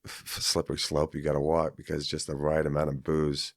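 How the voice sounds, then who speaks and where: A man's voice: rumbling low, monotone, a little fast, no echo, studio quality. A man from Kansas, a podcast guest, telling a personal story in a rambling, casual way with many fillers and restarts.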